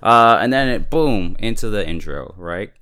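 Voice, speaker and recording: A man's voice: lowish voice, lively intonation, normal speed, bright, forceful tone. A man casually recapping a TV episode, chatty and full of fillers, often breaking into laughs. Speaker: TV episode reviewer.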